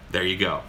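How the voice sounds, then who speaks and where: Man, podcast host, bright voice, casual swearing storyteller, faint background noise. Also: low-pitched. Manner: profane, exasperated.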